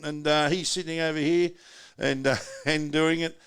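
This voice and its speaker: Aussie host, middle-aged bloke, slightly higher voice, joking around at a pub. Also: male voice, fairly even intonation, moderate pace, a bit bright, clear, resonant tone. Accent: Australian. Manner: jokey, rambling, banter-heavy. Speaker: podcast host. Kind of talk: casual chat. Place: pub, indoors.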